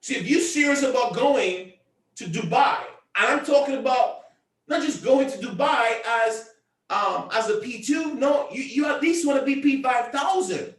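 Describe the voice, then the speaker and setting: An extremely high-pitched man with a fairly bright tone speaks at normal speed, sounding reverberant and distant from the mic. As team leader on a convention call, he delivers a motivational pep talk, emphatically repeating himself and often raising his voice.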